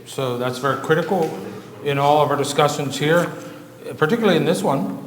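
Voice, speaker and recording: A man's voice: a little high, a little fast. Man lecturing in an echoey church hall. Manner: conversational, many fillers and asides, checks in with "okay?". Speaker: lecturer at a church Bible institute. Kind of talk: informal church lecture going over an outline. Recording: roomy hall echo, faint noise.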